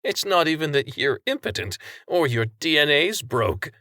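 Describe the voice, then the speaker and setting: A man's voice: a little high, very animated, moderate pace, bright, forceful tone, dry recording, clean studio sound, pitched above the performer's own voice. A man voicing a scornful male ferryman who taunts and pokes fun. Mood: taunting.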